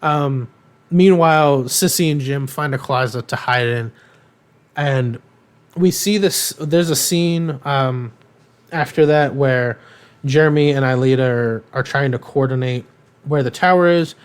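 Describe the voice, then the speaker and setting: A man co-hosting a casual podcast, walking through a cartoon episode in a loose, rambling style. He fills pauses with frequent ums and throws in irreverent, offhand jokes, dropping into character voices now and then. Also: medium pitch, clear, resonant tone. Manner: rambling, filler-heavy, irreverent; acts out characters' lines in quotes. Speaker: podcast co-host.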